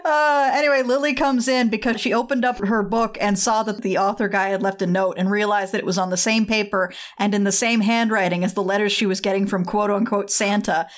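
A woman's voice: medium pitch, fairly even intonation, brisk, few pauses. Woman wryly recapping a movie. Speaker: podcast co-host. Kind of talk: casual chat, recapping a movie plot.

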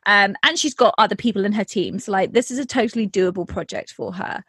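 A woman's voice: mid-range voice, fairly quick, a bit bright, breathy edge, dry recording. A woman in casual chat telling a workplace story, with lots of fillers and acted-out quotes. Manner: chatty, many fillers, acts out quotes.

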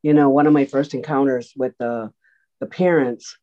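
A woman telling stories in an interview, lively, acting out the voices of the people she quotes. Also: extremely low pitch, normal speed. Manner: animated storyteller, acts out quoted voices. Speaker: guest, autism program organizer. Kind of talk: storytelling interview answers. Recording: dull lo-fi sound.

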